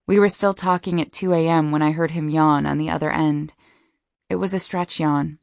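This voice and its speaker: A woman's voice: deep voice, creaky, dry recording, studio quality. A woman narrating a first-person romance audiobook in a wry, intimate storytelling manner.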